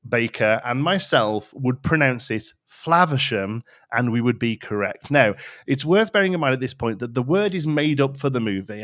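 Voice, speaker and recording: A man's voice: mid-range voice, a bit bright, no room sound, studio quality. A man with an English Midlands accent, co-hosting a casual podcast chat and explaining things at length with lots of fillers and restarts. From England. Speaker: podcast co-host.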